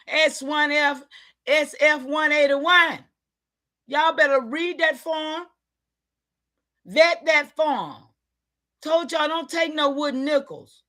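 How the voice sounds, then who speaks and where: A woman giving an impassioned, preachy livestream talk, calling out to her listeners and sometimes shouting in frustration. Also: high voice, slow pace, pauses often. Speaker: online community leader.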